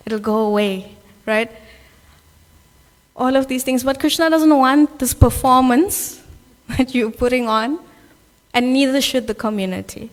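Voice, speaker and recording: A woman's voice: high voice, unhurried, pauses often. A South African woman giving an earnest, conversational sermon at a Sunday temple gathering, often checking in with "right?". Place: temple hall. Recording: long hall reverb.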